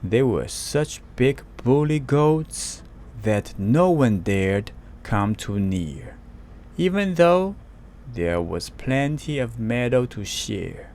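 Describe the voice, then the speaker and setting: A man reading a picture book aloud slowly and carefully, with spoken sound effects. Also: mid-range voice, expressive, a little mellow, slight background noise. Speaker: storyteller.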